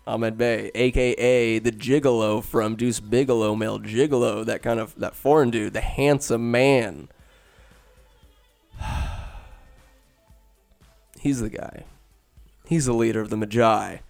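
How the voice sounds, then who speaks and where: A man talks through a film's plot in a loose, rambling, profane way, full of asides and jokes. His voice is smooth and clear at a mid pitch, with some faint music behind him. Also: slow pace. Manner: rambling, profane, animated storytelling. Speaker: film recap host. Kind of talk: casual film recap.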